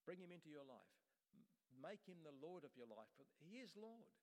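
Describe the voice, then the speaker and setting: A man's voice: on the high side, very animated, a little fast, darkish tone. A man from Australia preaching a sermon in a conversational way, often restarting his phrases. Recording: long hall reverb.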